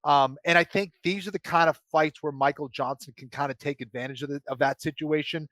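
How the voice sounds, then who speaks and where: A man's voice: a little high, fairly even intonation, brisk, a bit bright, no echo. A man co-hosting a podcast, breaking down fights with lots of hesitations and filler sounds. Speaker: podcast co-host. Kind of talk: podcast chat, fight analysis.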